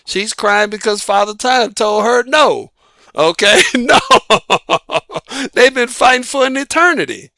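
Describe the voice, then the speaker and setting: A Southern US man hosting a dating advice channel delivers an opinionated monologue, firing off rhetorical questions, answering them himself, and punctuating points with "boom." He's emphatic and expressive, with a sharp tone, a slow pace, and long pauses, and the recording has no room sound.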